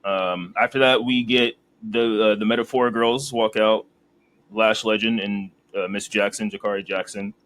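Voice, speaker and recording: Low-voiced man recapping with laughs. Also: fairly even intonation, moderate pace, fairly bright tone. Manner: storytelling recap, laughs and acts out quotes. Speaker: podcast co-host. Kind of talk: casual wrestling recap chat.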